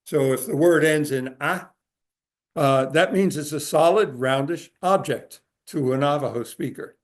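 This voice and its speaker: A man giving a talk to a group in a room, explaining at an easy pace with frequent filler pauses. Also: a little high. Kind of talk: conversational lecture. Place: room with a live audience.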